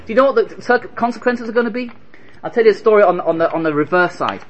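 A man giving an animated Torah lecture, firing rhetorical questions and telling stories. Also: sits high, quick pace. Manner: animated, rhetorical questions, Hebrew terms woven in. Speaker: Torah teacher.

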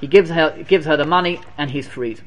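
A man delivers a sermon as a lively story, often repeating phrases for effect. His voice sits a touch higher than most men's, and he mixes Hebrew and Yiddish terms into his English. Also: brisk. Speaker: preacher telling a Torah story.

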